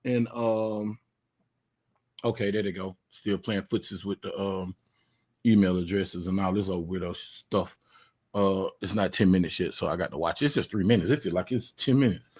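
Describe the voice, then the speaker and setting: A man's voice: sits low, moderate pace, a little mellow, husky. A man hosting a casual live stream, talking in a loose, slangy way full of fillers. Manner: laid-back, slangy, filler-heavy talk. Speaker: livestream host.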